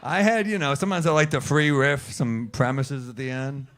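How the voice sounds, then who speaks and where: A man performing stand-up comedy on a club stage into a handheld mic, with a dry, deadpan delivery. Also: medium pitch, normal speed. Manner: deadpan, dry delivery, talking back to a heckler. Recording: live club recording, laughing crowd.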